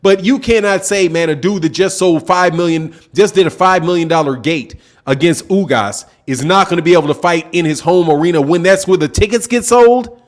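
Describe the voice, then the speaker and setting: A boxing channel host with a high voice talks at a normal speed during a live stream. He speaks emphatically in casual slang, repeats himself, and responds to viewers in the chat.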